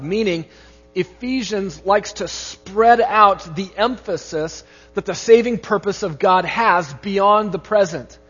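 Pastor, male, high husky voice, earnest preaching; muffled recording in a reverberant hall. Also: fairly bright tone. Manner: earnest preaching, rising emphasis on key phrases. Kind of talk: sermon with opening prayer.

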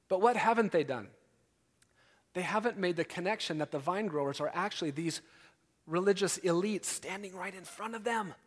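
High-voiced preacher in a reverberant hall. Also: male voice. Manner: animated, emphatic preaching with rising intensity. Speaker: pastor. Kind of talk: sermon.

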